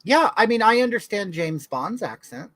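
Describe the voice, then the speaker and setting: A man's voice: high voice, sing-song, moderate pace, a bit bright, no room sound, rough recording. A man from California hosting a casual livestream, chatting to viewers and reading their comments aloud in a gossipy way. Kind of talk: casual chat.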